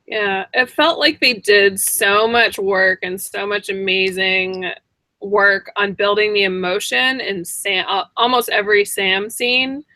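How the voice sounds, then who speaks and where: A woman's voice: medium pitch, fairly even intonation, a little slow, sharp tone, no room sound. A woman co-hosting a casual online hangout over a video call, chatty and full of filler words. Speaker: co-host.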